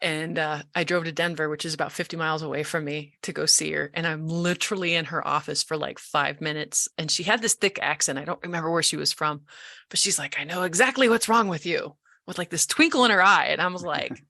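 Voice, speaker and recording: A woman in her forties from Colorado, a guest telling her story in a casual interview, animated, acting out the voices she quotes, with frequent restarts. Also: low-pitched, a little fast, creaky, no room sound, studio quality.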